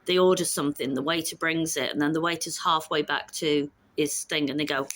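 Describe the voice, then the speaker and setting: Low-voiced woman in her fifties. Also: steady tone, brisk, a bit bright. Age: 50s. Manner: chatty and frank, swears freely. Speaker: vlogger. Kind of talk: casual chat.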